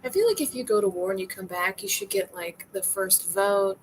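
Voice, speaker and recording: A woman rambles through a casual livestream from her home, talking loosely to chat and restarting her thoughts as she goes. Her pitch sits in an ordinary middle range. Faint household noise is heard behind her. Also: fairly quick, rough recording. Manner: rambling, restarts often, drops into whispers. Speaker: streamer reading chat.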